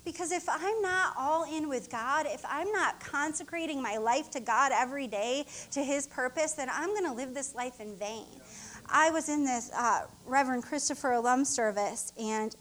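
A woman's voice: sits high, moderate pace, fairly bright tone. A middle-aged woman co-pastor preaching an emotional, heartfelt sermon with rising exclamations.

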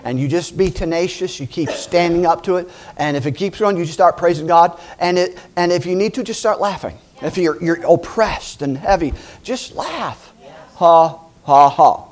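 A middle-aged man preaching a lively sermon, laughing and acting out voices as he tells stories. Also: high voice, normal speed, few pauses.

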